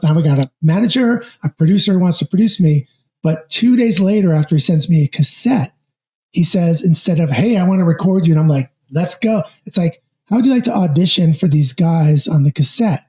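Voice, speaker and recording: A man in his fifties, a podcast guest telling stories in a lively, jokey and self-deprecating way. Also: a little high, brisk. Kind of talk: casual storytelling chat.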